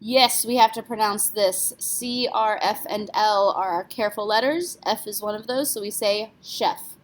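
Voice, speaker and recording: A woman's voice: medium pitch, moderate pace. A woman teaching French pronunciation in a patient lesson, spelling words out letter by letter. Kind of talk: classroom lesson explanation.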